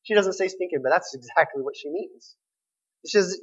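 Preacher, sermon, emphatic storytelling, husky voice, muffled lo-fi sound. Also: medium pitch, normal speed. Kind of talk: sermon retelling a scripture story.

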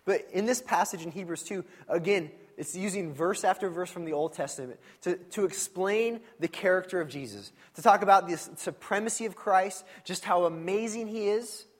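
A man preaching a sermon in a church, in a conversational and animated storytelling manner with frequent asides. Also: high voice, normal speed, hardly any pauses. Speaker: pastor.

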